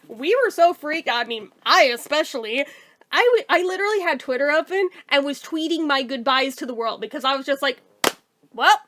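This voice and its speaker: A woman's voice: high voice, a bit bright. A woman casually telling a personal story to her viewers, candid and chatty, swearing freely.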